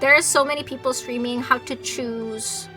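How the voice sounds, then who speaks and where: A woman streamer chatting live over a game, animated and exasperated, swearing freely, at a desk mic with faint music behind. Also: high-pitched, moderate pace. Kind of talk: casual livestream chat over a game.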